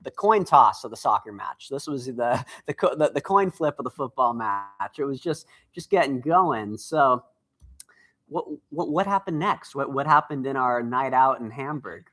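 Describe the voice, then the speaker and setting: Lively good-humoured man guest. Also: medium pitch, normal speed. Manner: good-humoured, laughs often, talks in restarts. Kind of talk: casual chat.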